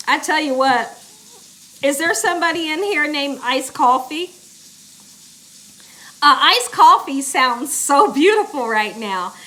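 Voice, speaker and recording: Bright, high-voiced chatty woman. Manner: chatty, reads viewer comments aloud, laughs often. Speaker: cooking channel host. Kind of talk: casual livestream chat. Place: home kitchen.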